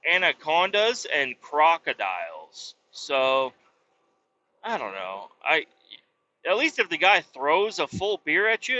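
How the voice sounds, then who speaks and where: A man hosting a podcast, rambling in a profane, meandering way with many pauses and restarts, on a dull lo-fi recording. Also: fairly high pitch, bright, forceful tone, slight background noise. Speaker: podcast host and roadside tow operator. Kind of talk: casual rambling monologue.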